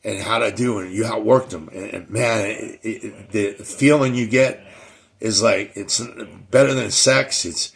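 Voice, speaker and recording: Gravelly-voiced man, rambling talk. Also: lowish voice, measured pace. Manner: rambling, repeats words and restarts often. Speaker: show host. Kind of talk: casual monologue.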